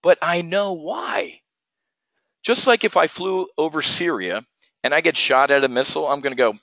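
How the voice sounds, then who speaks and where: A man teaching options trading on a live webinar, energetic and profane, firing rhetorical questions at his viewers. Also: on the high side, moderate pace, gravelly, dry recording, dull audio.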